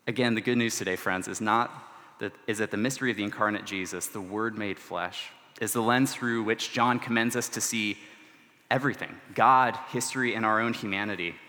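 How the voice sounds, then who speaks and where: Bright-voiced man preaching in a reverberant church. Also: fairly low pitch. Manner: earnest, measured preaching with casual asides. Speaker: student ministry director preaching. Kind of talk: sermon. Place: large church sanctuary. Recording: long church-hall reverb.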